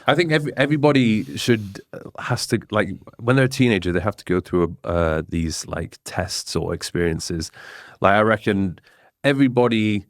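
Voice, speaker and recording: A young man hosting a podcast, speaking in a relaxed, hesitant way. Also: on the low side, moderate pace, dry recording, clean studio sound. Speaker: podcast host. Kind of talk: casual conversational interview.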